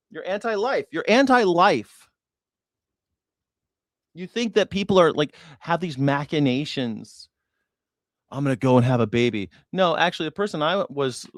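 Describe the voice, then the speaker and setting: Sarcastic and profane, this man rants through heated political commentary while hosting a news reaction stream and bickering with chat. His voice is medium-pitched, and the recording is dry and studio quality.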